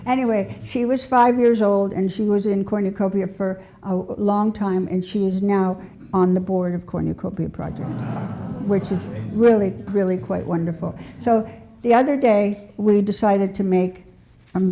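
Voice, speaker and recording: An older woman tells stories in a loose, rambling way, with plenty of restarts and small laughs. Her voice is low and mellow with a gravelly fry. She sounds like a relaxed storyteller speaking to a local audience. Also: a little slow. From New Hampshire. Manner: warm rambling anecdotes with frequent restarts and laughter. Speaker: storyteller sharing community memories. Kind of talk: casual spoken storytelling.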